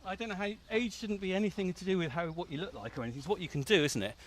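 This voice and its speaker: Out in a farm field, a chatty farmer on a radio feature talks casually while he works and digs, breaking into frequent laughter and puffing between words. He speaks very fast in a high, somewhat bright voice.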